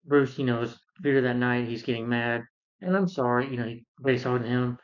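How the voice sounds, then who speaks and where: A man's voice: mid-range voice, fairly quick, muffled recording. Rambling exasperated man reviewing a movie. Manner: rambling and exasperated, with many fillers and restarts.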